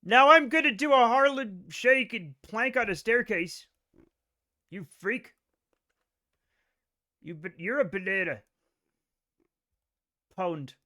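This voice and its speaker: High, bright-voiced joking male streamer. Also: animated, slow, pauses often. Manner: joking, profane, rambling talk to chat. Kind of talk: live gameplay stream chatter.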